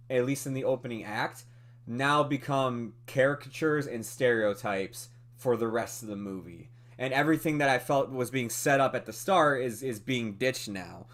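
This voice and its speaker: A man co-hosting a movie podcast, talking through a film review in a casual, animated way with lots of fillers and laughs. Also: mid-range voice, moderate pace. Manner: animated, chatty, many fillers, laughs often.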